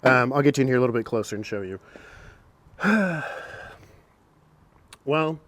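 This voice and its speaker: A man's voice: medium pitch, lively intonation, unhurried, noisy background. A man casually talking through a car repair in a vlog, chatty and self-mocking, recorded outdoors by a truck on a camera mic. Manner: chatty, self-mocking, gets long-winded.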